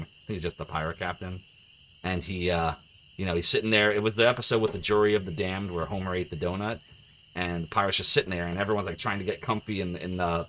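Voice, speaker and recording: Chatty, excitable male game streamer. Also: low-pitched, a little hiss or hum. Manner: chatty and excitable, laughs often, gets flustered. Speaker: live streamer. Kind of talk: casual game stream commentary.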